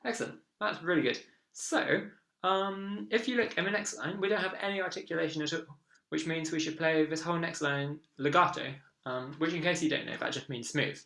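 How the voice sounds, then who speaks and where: Encouraging music teacher who counts in beats; slight fry, roomy sound. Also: mid-range voice, a little fast, pushed and bright. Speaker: viola teacher. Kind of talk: online music lesson. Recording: echoey room with viola playing.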